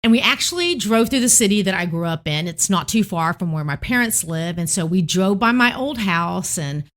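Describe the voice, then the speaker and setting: A middle-aged woman from Tennessee, hosting a devotional podcast and gently reminiscing. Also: lowish voice. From Tennessee, United States. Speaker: podcast host.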